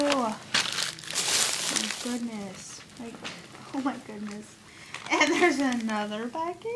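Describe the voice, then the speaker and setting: Crafting vlogger, woman, high voice, unhurried, excitable gusher; noisy home recording. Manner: gushing and excitable, gasps and repeated exclamations. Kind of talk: casual unboxing haul video. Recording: steady background noise.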